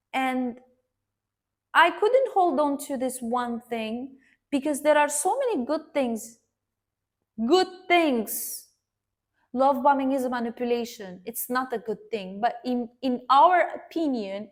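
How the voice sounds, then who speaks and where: A woman earnestly recounting a personal story to her viewers, addressing them directly and pausing to restart her sentences. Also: high voice. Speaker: vlogger sharing a personal story.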